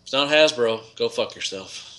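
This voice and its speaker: A man's voice: mid-range voice, moderate pace, a bit bright, poor audio. A man co-hosting a podcast, teasing the others with blunt, mock-sheepish banter. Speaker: podcast co-host.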